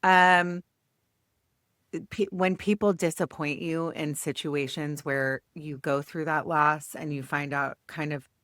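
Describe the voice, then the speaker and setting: A woman's voice: low-pitched, steady tone, slow pace, fairly bright tone, no echo, clean studio sound. A woman hosting a casual podcast chat, asking probing questions and thinking aloud as she goes. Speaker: podcast host. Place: podcast studio.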